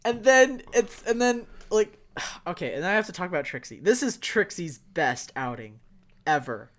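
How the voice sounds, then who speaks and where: A young man co-hosting a casual fan discussion, talking in an excitable, rambling way full of fillers and sudden bursts of enthusiasm. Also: high voice, moderate pace. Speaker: podcast co-host.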